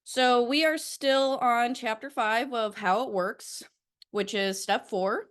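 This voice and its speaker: A woman's voice: fairly high pitch, a bit bright, clear, resonant tone. Stuffy-nosed young woman reading aloud. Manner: reads aloud haltingly with many fillers. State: stuffy nose and out of breath. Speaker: recovery study leader. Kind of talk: casual recorded study session.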